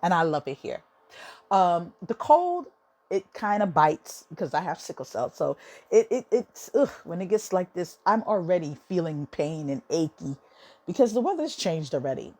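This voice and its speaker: Effusive woman podcast host, low voice. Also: warm tone. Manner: emotional, effusive, repeats words. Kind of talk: casual monologue. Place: home office.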